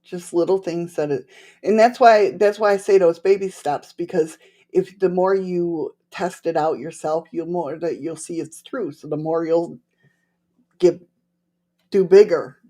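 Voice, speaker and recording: A woman with a slight lisp hosts a livestream, chatting loosely and rambling as she answers her viewers. Her voice sits a little low and sounds mellow and warm. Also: unhurried. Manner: rambling and chatty, laughs often, talks to chat viewers. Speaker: livestream host. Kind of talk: casual livestream chat.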